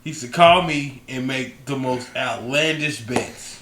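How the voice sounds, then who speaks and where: A man's voice: a little slow, background noise. A young adult man co-hosting a casual podcast, telling funny stories and acting out the quotes with laughter. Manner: animated storyteller, acts out quotes with big pitch jumps and laughter. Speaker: podcast co-host.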